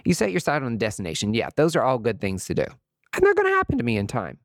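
A man in his late thirties hosting a podcast, talking in an expressive, emotional and chatty way, full of fillers and asides. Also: mid-range voice, quick pace, dry recording, clean studio sound. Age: late 30s. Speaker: podcast host. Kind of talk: reflective solo podcast monologue.

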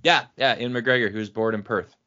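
A man in casual movie chat, rambling and pausing with fillers as he recalls names. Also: medium pitch, steady tone, sharp tone. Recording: dull lo-fi sound.

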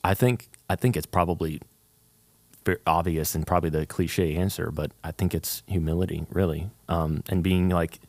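A man's voice: sits low, fairly even intonation, normal speed, darkish tone, no echo. A young man, a worship leader, talking earnestly in a casual interview, rambling with fillers and restarts.

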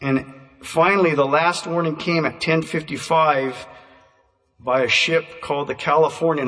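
A man's voice: a little high, a bit bright. Male preacher echoing in a far hall. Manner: measured, emphatic preaching with slow stressed phrases. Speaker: pastor. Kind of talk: sermon. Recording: distant voice in a reverberant hall.

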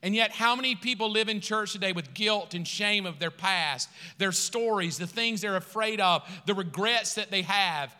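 A middle-aged pastor preaching a sermon in a conversational way, joking and asking rhetorical questions. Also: male voice, sits high, moderate pace, hardly any pauses, pushed and bright, long reverb tail.

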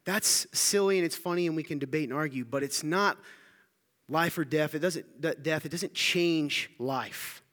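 A slightly high, somewhat bright voice belongs to a Southern American man speaking at normal speed. He leads a playful, interactive sermon, quizzing the congregation with jokes, and a long hall reverb colors the sound.

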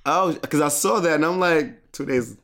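A man chatting casually about a wrestling show, excitable and rambling, with halting restarts. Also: fairly high pitch.

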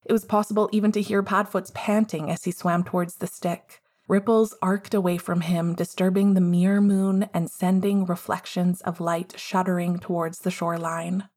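A woman reading a fan story aloud in a calm, measured way. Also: lowish voice. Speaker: audiobook reader. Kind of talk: storybook narration.

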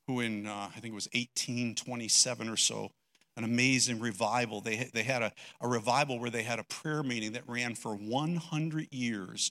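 An older male pastor delivering a sermon as a heartfelt story. His voice is very bright and forward, and he swings from quiet, drawn-out phrases to loud, emotional bursts. The pitch sits in an ordinary middle range for a man.

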